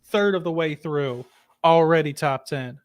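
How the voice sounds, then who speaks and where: A man's voice: on the high side, measured pace. A man hosting a casual podcast chat, rambling along with lots of fillers and restarts. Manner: chatty, rambling with many fillers. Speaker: podcast host.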